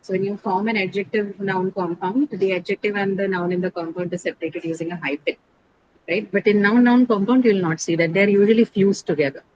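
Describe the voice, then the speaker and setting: A woman's voice: mid-range voice, steady tone, fairly quick, darkish tone, muffled recording, a little hiss or hum. A woman teaching an online English class, explaining step by step and often checking in with her students.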